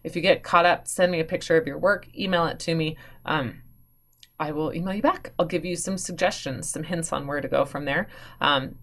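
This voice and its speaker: Creaky low-voiced woman math teacher. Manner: enthusiastic, chatty, corrects herself aloud. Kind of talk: recorded online math lesson.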